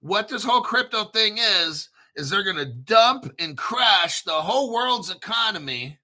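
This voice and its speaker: A man hosting his own channel in a casual monologue, emphatic and repetitive, rambling and swearing, often clearing his throat. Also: high-pitched, animated, unhurried, pushed and bright. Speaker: crypto channel host.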